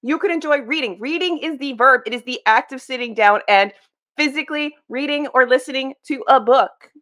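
A woman's voice: high voice, a little fast, fairly bright tone. A young woman giving casual, exasperated reaction commentary on a video clip, emphatic and blunt. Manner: exasperated, emphatic, swears and laughs.

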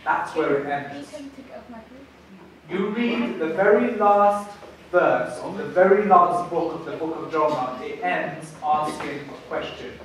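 A man preaching a sermon, telling a story in an animated way and repeating words as he builds a point. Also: on the high side, slow, far from the mic. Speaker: pastor. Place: church hall. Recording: echoey church hall from afar.

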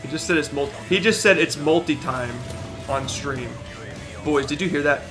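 A young man streaming a shooter game, excitedly narrating, shouting and laughing as he repeats himself. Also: a little high, normal speed, music in the background. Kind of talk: excited gaming stream commentary.

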